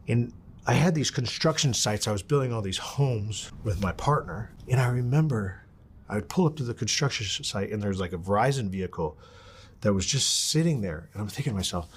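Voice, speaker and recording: A man's voice: on the low side, lively intonation, fast talker, a little hiss or hum. A man telling a story as an interview guest, in a blunt and profane way, acting out what people said. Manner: blunt and profane, acts out quotes. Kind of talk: casual storytelling.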